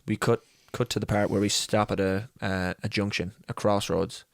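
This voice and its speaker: A young man on a podcast telling a funny story in casual chat, animated and swearing freely, often breaking into laughter. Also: lowish voice, moderate pace, vocal fry, no echo, clean studio sound. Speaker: podcast co-host.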